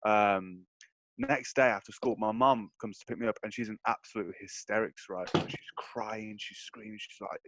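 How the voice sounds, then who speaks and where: A young man, telling stories in a slangy, animated way during a casual podcast chat. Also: on the low side, normal speed, no echo. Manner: animated storyteller, slangy, laughs through his telling. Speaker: podcast co-host.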